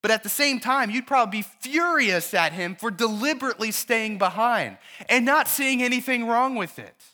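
A pastor delivers a sermon in a church in a high, bright voice. He tells a story in an animated way and keeps asking his listeners questions. The sound is clean and close to the mic. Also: moderate pace, few pauses.

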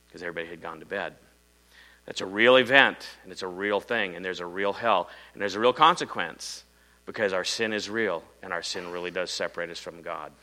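A middle-aged man from Iowa preaching a sermon, telling a story dramatically and swinging between loud emphasis and hushed low lines. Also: rough recording.

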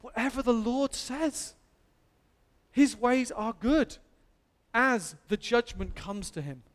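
English pastor preaching, pretty high voice, big echoey church hall. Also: male voice, lively intonation, takes it slowly. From England. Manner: earnest, emphatic preaching with rising exclamations. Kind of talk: sermon.

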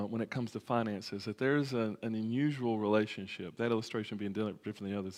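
A man preaching a conversational sermon as pastor, with plenty of fillers and restarts. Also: mid-range voice. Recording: long hall reverb.

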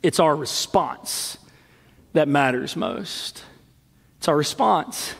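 A male pastor delivers a passionate sermon in a church sanctuary, his fairly high voice swelling into shouts before settling into hushed earnestness. Long reverb hangs off every phrase from the hall. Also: animated, slow pace, vocal fry, slightly rough. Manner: preaches worked up, shouting and sweating, then drops quiet.

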